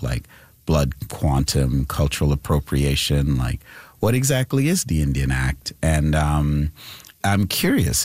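A man's voice: very deep voice, a little mellow, dry recording. A man hosting a radio interview, friendly, laughing easily and asking long questions.

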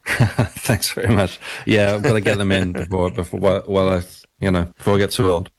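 A man's voice: low-pitched, level tone, brisk. A man, an author, answering questions as a radio interview guest in a thoughtful, self-deprecating way.

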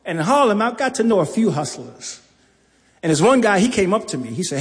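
A man's voice: high voice, very animated, brisk. A man telling a personal story live on stage, acting out voices and laughing often. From New York. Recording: long hall reverb, faint crowd ambience.

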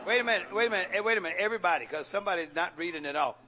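A man's voice: high-pitched, expressive, racing, a crowd in the background, background noise. A man pastor preaching a call-and-response sermon in church, firing rhetorical questions at the congregation, coaxing and joking.

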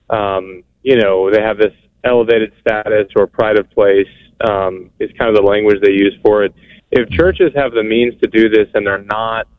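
A man calling in to a radio show, asking his question hesitantly with many pauses. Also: on the low side, dry recording. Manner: hesitant, many ums and restarts. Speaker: caller. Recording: tinny phone line.

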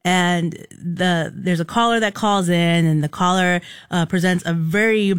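A woman's voice: on the low side, measured pace, clean tone, no echo, studio quality. A woman co-hosting a radio show, telling casual stories and acting out the dialogue in them. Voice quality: animated storyteller acting out dialogue. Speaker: radio co-host. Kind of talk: casual radio chat, storytelling. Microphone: studio microphone.

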